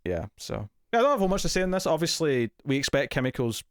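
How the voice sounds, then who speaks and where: A man's voice: a little high, very animated, fast talker, no room sound, clean studio sound. A man co-hosting a TV review podcast in casual chat, talking loosely with lots of fillers and easy laughs.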